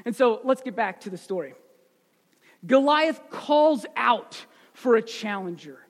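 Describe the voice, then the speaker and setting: A man's voice: extremely high pitch, expressive, unhurried. A male preacher telling a Bible story in a conversational way, often asking the audience questions. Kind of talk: sermon storytelling. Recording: echoey hall.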